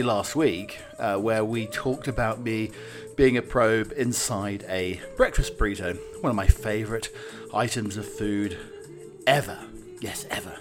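A man's voice: on the low side, moderate pace. A man with a British accent rambling theatrically in a comic chat, a little out of breath. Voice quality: theatrical, jokey, rambling with restarts. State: slightly out of breath. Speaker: comic vlogger playing a butler persona. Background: background music.

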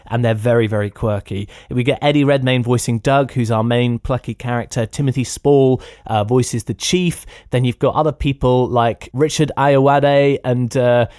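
A man's voice: mid-range voice, fairly even intonation, normal speed, few pauses, a little mellow, dry recording. Chatty male film-review podcaster, dry sound. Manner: chatty and enthusiastic, addresses listeners directly. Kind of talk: casual spoken film review.

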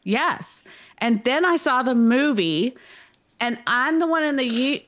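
Female co-host for book talk, higher voice, theatrical and exclamatory. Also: slow. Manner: animated, dramatic, exclaims often. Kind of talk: casual book chat.

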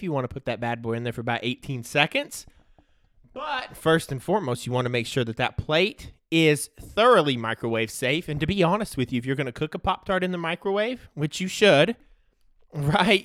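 A man's voice: a little high, fairly bright tone, no echo, studio quality. A man hosting a solo podcast, rambling in a joking, self-mocking way. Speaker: podcast host. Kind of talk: solo comedic podcast rant. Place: home studio.

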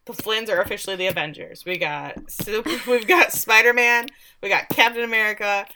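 Bright-voiced woman joking about a show. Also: mid-range voice, fairly quick, slight background noise. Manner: chatty, joking, laughs often. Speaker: podcast co-host. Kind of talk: casual TV recap chat.

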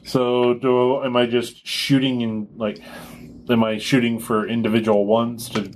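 A man's voice: medium pitch, level tone, measured pace, a little hiss or hum. A man playing a tabletop game, joking and swearing casually as he calls out rolls. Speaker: player.

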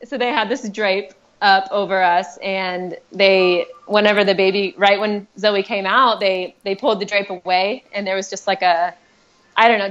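A woman's voice: mid-range voice, a bit bright, dull audio. A woman telling her own story as a podcast guest, chatty and heartfelt, with many fillers and restarts. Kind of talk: personal storytelling.

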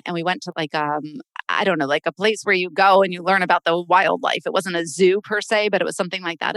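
Gravelly, bright-voiced woman telling stories. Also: fairly low pitch, no room sound. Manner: animated storytelling, fearful of wildlife. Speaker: podcast co-host. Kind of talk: casual chat.

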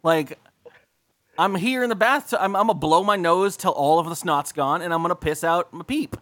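A man's voice: high-pitched, normal speed, a bit bright, dry recording. A young man co-hosting a comedy podcast, telling crude, rambling stories full of swearing. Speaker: podcast co-host. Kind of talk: casual comedic chat.

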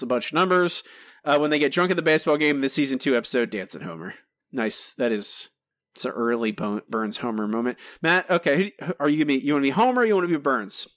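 A man hosting a podcast, reading listener answers aloud in a relaxed, chatty way with some self-corrections. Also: mid-range voice, no room sound, clean studio sound. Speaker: podcast host.

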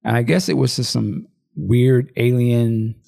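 A man chatting casually on a podcast. He tells the story in an animated, profane way, jumping into the characters' voices as he goes. His voice sits at an ordinary middle pitch. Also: measured pace, gravelly. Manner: animated, profane storytelling with acted-out quotes and laughs. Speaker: podcast co-host. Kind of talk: casual chat retelling a movie.

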